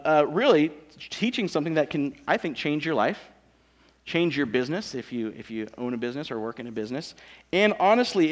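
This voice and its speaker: A man in his thirties giving a sermon in a church auditorium, casual and joking with a lively, swinging pitch. His voice rings with a long hall reverb. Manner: casual, joking, self-deprecating. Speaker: pastor.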